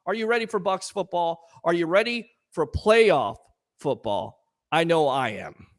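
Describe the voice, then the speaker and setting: A man hosting a live call-in sports talk show, ranting in a fired-up, sarcastic way and shouting at times. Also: fairly high pitch, animated, a little slow, heavy background noise. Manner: sarcastic, scolding critics.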